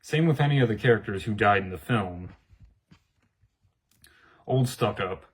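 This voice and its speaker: A man's voice: lowish voice, animated, fast talker, slightly rough, rough recording. A man, the channel creator, giving a formal, scripted announcement to his viewers. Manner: formal, read-out delivery.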